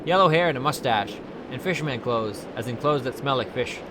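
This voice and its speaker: A man's voice: mid-range voice, lively intonation, fairly quick, background noise, natural voice. A man voicing a chipper, scatterbrained woman tourist officer who rambles in an overly formal way. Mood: flustered. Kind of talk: reading game dialogue aloud.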